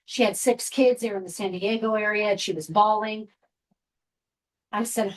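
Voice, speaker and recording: A woman's voice: medium pitch, moderate pace, a bit bright, poor audio. A woman in her fifties from Seattle, telling a candid personal story to a group as guest speaker, with frequent asides. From Seattle, USA. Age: 50s.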